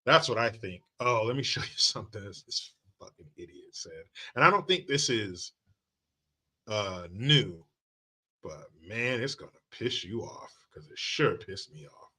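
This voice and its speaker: A man's voice: fairly low pitch, lively intonation, unhurried, bright, forceful tone, breathy edge. Blunt, profane male commentator. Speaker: commentary show host. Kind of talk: opinionated talk-show commentary.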